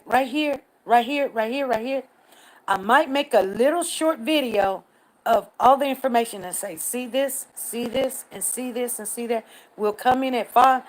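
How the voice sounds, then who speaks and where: In a rough recording, an older woman with a fairly high voice hosts a relaxed news livestream. She chats with viewers, reading out their comments and answering them by name.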